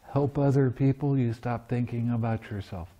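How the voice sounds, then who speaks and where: A man's voice: medium pitch, fairly even intonation, moderate pace, warm tone, muffled recording. A man giving a dharma talk as meditation teacher at a retreat, teaching playfully and often laughing. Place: meditation center.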